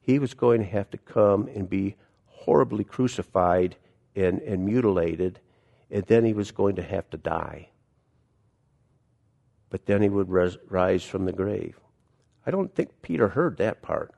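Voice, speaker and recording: A male pastor with a lowish voice delivers a sermon at an unhurried pace. He reads a passage aloud, then expounds on it earnestly, leaning on rhetorical questions to draw in his listeners. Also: gravelly, darkish tone. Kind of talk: sermon with scripture reading.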